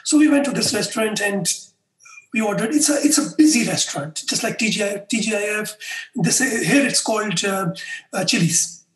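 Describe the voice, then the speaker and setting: Very high-voiced man in an echoey room. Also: brisk. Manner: animated storyteller who acts out dialogue. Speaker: interview guest, customer experience faculty member. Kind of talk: conversational interview, telling anecdotes.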